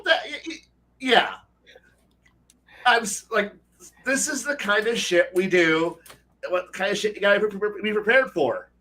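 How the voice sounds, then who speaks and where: This podcast panelist, a man speaking to fellow dungeon masters, has a high, bright voice with a forceful tone. He talks a little slowly and pauses often, rambling casually, cursing, and restarting his thoughts again and again.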